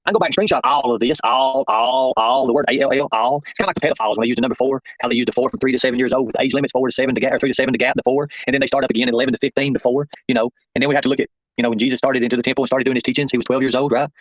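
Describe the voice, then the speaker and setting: A man's voice: mid-range voice, level tone, racing, few pauses, lo-fi sound. A man hosting a rambling livestream, confrontational and calling out viewers by name. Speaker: livestream host.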